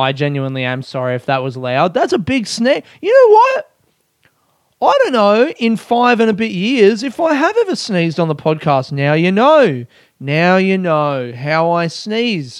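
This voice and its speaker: A man's voice: a little high, dry recording, studio quality. A man hosting a solo podcast, chatting casually and joking at his own expense, often laughing. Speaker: podcast host.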